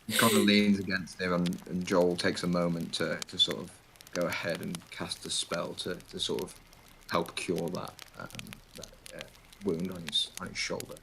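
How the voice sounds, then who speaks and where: Male game master, very deep voice, rambling and descriptive narration. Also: steady tone, normal speed, creaky, background noise. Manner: loose, descriptive, many fillers.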